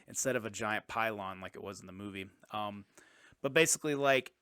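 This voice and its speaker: A man's voice: fairly low pitch, brisk, fairly bright tone, clean tone, no echo, studio quality. A man co-hosting a podcast, retelling a movie in a rambling, profane, casual way full of fillers. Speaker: podcast co-host. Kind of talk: casual movie-recap chat.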